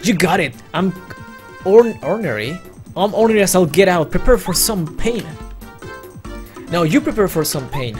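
A let's player voicing a small, bad-tempered creature with a gruff, folksy way of talking. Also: mid-range voice, lively intonation, moderate pace, long pauses, a little mellow, faint music behind, pitched above the performer's own voice, close to an everyday voice. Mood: combative. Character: small grumpy creature, ornery and combative.

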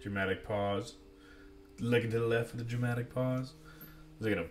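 A man's voice: medium pitch, steady tone, a little fast, crowd noise. A man giving casual gameplay commentary, playful and jokey, often talking to himself. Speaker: let's play commentator.

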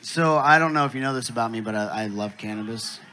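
A man's voice: medium pitch, fast talker, pushed and bright. A man telling stand-up jokes at a festival in a laid-back, profane storytelling manner. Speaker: comedian. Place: festival stage.

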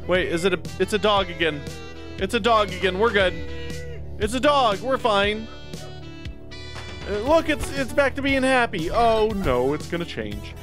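Gamer man narrating his play, high and very lively voice with music underneath; yelps and shouts when surprised. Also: moderate pace. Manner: excitable, yelps and shouts at the game. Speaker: gaming YouTuber. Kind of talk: let's play commentary.

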